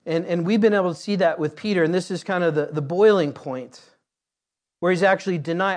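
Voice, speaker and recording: A man's voice: high-pitched, a little fast. A man preaching a conversational sermon, repeating words and building to emphatic peaks. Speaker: pastor.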